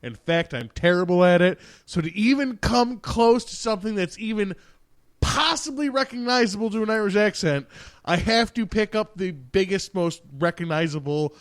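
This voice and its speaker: A man's voice: sits high, lively intonation, normal speed, no echo. A man co-hosting a podcast, chatting casually and teasing his co-host. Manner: joking, teasing. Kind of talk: casual chat.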